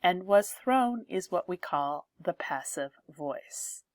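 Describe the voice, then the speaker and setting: A woman with a somewhat low voice teaches a grammar lesson, speaking very slowly and carefully. She reads example sentences aloud in a patient, explaining manner. The sound is dry and close, with no room echo. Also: animated.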